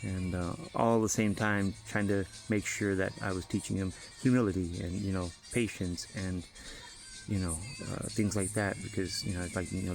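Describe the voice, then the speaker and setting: A man with a low, gravelly voice tells a casual, rambling story about working alongside his son. His talk is full of fillers and swearing, and faint music plays behind him. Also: fairly even intonation, moderate pace. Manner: rambling and profane, with many fillers. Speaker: father giving a family update.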